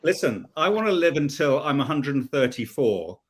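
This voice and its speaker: A man's voice: a little high, big pitch swings, moderate pace. A man hosting a casual chat who rambles through long, searching questions to his guest. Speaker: podcast host.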